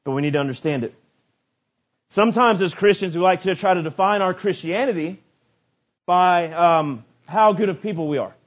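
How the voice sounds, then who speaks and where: A man preaches a sermon in a notably high voice. He swings from rising, shouted lists to quiet, low asides. The recording sounds dull and lo-fi. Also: normal speed.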